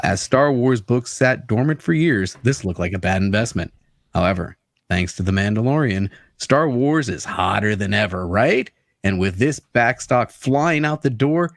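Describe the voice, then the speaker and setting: A man's voice: on the low side, dry recording, clean studio sound. A man reading out comic book market notes with an upbeat delivery. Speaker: co-host reading comic sales.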